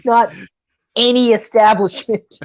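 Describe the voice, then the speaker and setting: A woman's voice: a little high, steady tone, slow, highs cut off. A woman co-hosting a casual movie review podcast, laughing often and swearing freely as she retells scenes. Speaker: podcast co-host.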